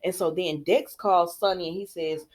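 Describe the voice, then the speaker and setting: A woman's voice: on the low side, steady tone, normal speed, a little mellow. Chatty woman recapping, full of fillers. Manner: chatty, rambling, with many fillers and quoted dialogue. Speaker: soap opera recap host. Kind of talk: casual spoken recap.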